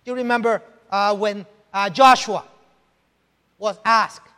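A man's voice: high-pitched, steady tone, measured pace, sharp tone. A male pastor preaching a sermon, emphatic, often checking in with "right?" and rhetorical questions. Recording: long hall reverb.

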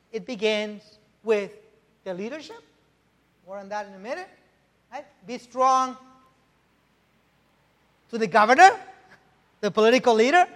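A man's voice: very high-pitched, fairly bright tone. A male pastor preaching a sermon, emphatic, often checking in with "right?" and rhetorical questions. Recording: long hall reverb.

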